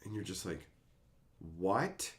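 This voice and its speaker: A man's voice: medium pitch, expressive, measured pace, a bit bright. A man casually ranting on a livestream, reading chat aloud, laughing and swearing as he gets worked up.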